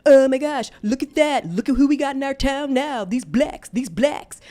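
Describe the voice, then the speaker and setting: A woman mimicking a shrill, sneering young woman. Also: lively intonation, normal speed. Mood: taunting. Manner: shrill, taunting shouting.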